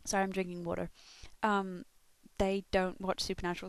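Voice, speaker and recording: A woman's voice: medium pitch, flat delivery, normal speed. A young woman from Melbourne with an Australian accent, chatting casually and self-deprecatingly, swearing often and laughing a lot. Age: young adult. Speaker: fan answering a question tag. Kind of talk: casual audio vlog.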